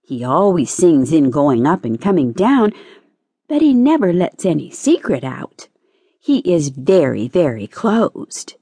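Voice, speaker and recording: A woman's voice: deep voice, big pitch swings, a little slow, dark tone, breathy edge, no room sound, heavily acted. A woman voicing a timid, anxious female green caterpillar in a storybook audiobook, plaintive and earnest. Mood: wistful.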